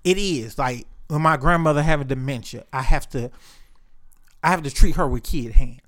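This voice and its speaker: A man's voice: a little high, moderate pace, fairly bright tone. A man in casual chat, telling stories in a loose, profane way and acting out the voices of other people.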